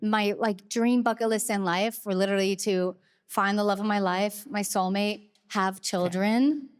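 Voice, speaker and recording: A woman in her thirties co-hosting a live podcast on stage before an arena crowd, talking fast and excitedly, with many fillers. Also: medium pitch. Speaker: podcast co-host. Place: large arena, live audience.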